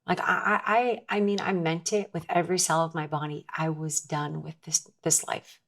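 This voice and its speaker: A woman's voice: low voice, level tone, normal speed, vocal fry. A woman guest telling a personal story in an earnest, candid way, often restarting her sentences. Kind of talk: conversational storytelling.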